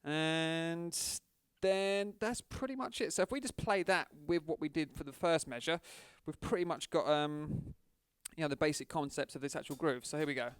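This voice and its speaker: Casual male drum teacher, counts beats aloud, crisp and dry. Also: a little high, moderate pace, no echo. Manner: chatty, counts beats aloud over the kit. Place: drum studio.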